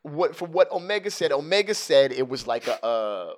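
A man co-hosting a podcast, telling a comic story in a casual, animated way. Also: fairly high pitch, moderate pace. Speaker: podcast co-host. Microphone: headphones and studio microphone.

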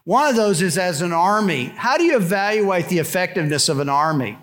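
An older man preaching a sermon, telling a story conversationally with restarts, dropping low and soft for quoted lines. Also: animated, a little fast. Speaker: pastor.

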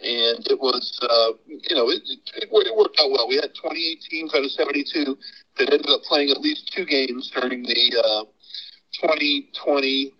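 A man calling in as a guest, answering interview questions about organizing a tournament in a halting way. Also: mid-range voice, slightly rough. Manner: halting, many fillers and restarts. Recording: muffled call-in line.

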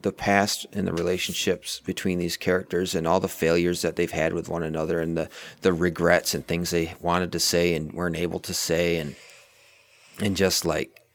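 A man's voice: sits low, flat delivery, normal speed. A man talking casually about a movie, rambling and correcting himself as he picks apart its plot. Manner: rambling, self-correcting, analytical. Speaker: film review co-host. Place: outdoors near a street.

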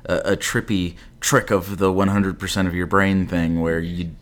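A man's voice: deep voice, little pitch movement, normal speed. A man co-hosting a casual movie review chat, retelling scenes with sarcasm and mock voices. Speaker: podcast co-host.

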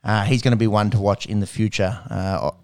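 A man's voice: lowish voice, steady tone, a little fast, slight background noise. An Australian man co-hosting a casual sports chat, rambling and joking as he talks. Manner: rambling, jokey, uses "bloke". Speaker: podcast co-host.

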